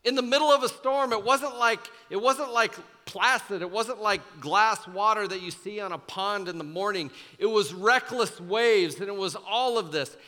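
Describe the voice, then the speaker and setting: A young man preaching to students as a youth pastor, telling the story in a casual, animated way with many fillers. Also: sits high, normal speed, few pauses. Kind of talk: sermon. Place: church auditorium. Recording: large hall with long reverb, faint music.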